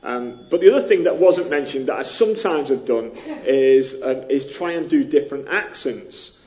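A pastor with a northern English accent from near Liverpool gives a sermon in a chatty, self-deprecating way, with many ums. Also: male voice, mid-range voice, expressive, normal speed, darkish tone, muffled recording. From northern England.

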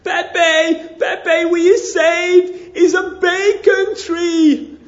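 A desperate, starving desert wanderer squeaks. His grammar is broken and comic. The lo-fi church recording sounds dull. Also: level tone, extremely slow, roomy sound, full character voice. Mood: excited.

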